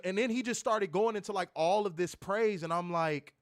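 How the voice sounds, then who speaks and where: A man's voice: high voice, moderate pace, hardly any pauses, no room sound. Man, casual podcast rant, profane, raised voice, very dry close sound. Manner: animated, profane, repeats words when heated. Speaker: wrestling review show co-host.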